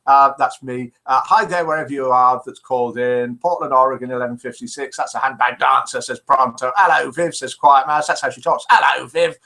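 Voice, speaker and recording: A man's voice: mid-range voice, steady tone, a little fast, hardly any pauses, sharp tone, poor audio. A man from England with a Midlands accent hosting a live call-in show, chatting and reading out listeners' messages. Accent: English Midlands. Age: older. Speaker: host.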